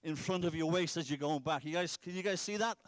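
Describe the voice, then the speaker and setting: A middle-aged British man, a soccer coach, calls out instructions during a drill demonstration in a directive, instructive manner. His voice is a little high and fast, and the recording is dry.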